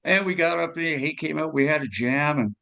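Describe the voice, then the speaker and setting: A man's voice: a little high, brisk, vocal fry, bright, forceful tone. An older man, a guest musician telling rambling stories in an interview, full of fillers and tag questions. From California, USA. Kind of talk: storytelling interview.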